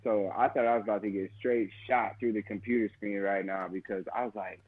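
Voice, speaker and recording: A man's voice: fairly low pitch, steady tone, brisk, breathy edge. A man co-hosting a casual podcast from his kitchen at home over a remote call, with laid-back slangy banter and frequent laughs. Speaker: co-host. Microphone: remote call audio. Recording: tinny phone-like remote line.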